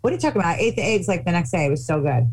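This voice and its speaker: A woman's voice: lowish voice, rapid-fire, rough recording. A woman telling a funny anecdote in casual chat, acting out the voices of the people in it. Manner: animated, acts out quotes.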